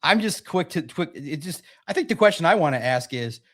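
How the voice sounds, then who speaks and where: A young man hosts a live sports stream, firing off his thoughts in an animated, rapid-fire way. His voice sits a little on the high side, and he often breaks off and restarts his sentences as he talks. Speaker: sports podcast host.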